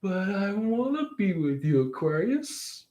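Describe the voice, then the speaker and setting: A man voicing a smug, scheming rival lover in a higher, twangy taunting voice. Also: very animated, a little slow, a little mellow, roomy sound.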